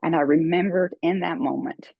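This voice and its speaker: An older woman as an interview guest, telling her story earnestly, with many fillers and pauses. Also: low-pitched, creaky, dry recording, phone-quality sound. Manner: earnest, emotional, halting with fillers.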